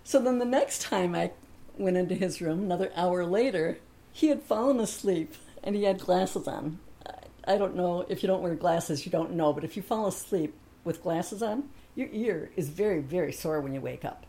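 A woman's voice: lowish voice, moderate pace, mellow. A woman telling a personal anecdote in a chatty way, laughing often and acting out the other people in her story.

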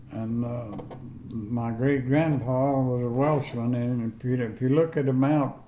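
This is an old man in his eighties, and he talks with plain country grammar. He rambles through his memories in a relaxed, unhurried way. His voice sounds mellow and warm, and it is recorded in a roomy space with some echo. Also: medium pitch. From northern Georgia, USA. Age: 80s. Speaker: interviewee. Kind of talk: casual storytelling interview.

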